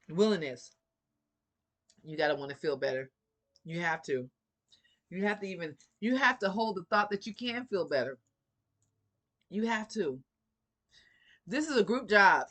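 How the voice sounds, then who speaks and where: A woman's voice: mid-range voice, a bit bright. A woman giving a casual motivational talk to her viewers, sassy and preachy, laughing often and swearing freely. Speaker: vlogger.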